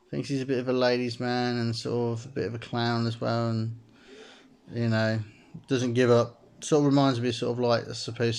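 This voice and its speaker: A man with a gravelly, creaky voice, talking through a chat story game as he plays. He reads the messages aloud and wanders off into loose asides, filling nearly every sentence with "sort of" and breaking into laughter often. His pitch sits in an ordinary middle range. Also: a little mellow. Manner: rambling, heavy use of "sort of", laughs often. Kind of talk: let's-play commentary, reading in-game messages aloud.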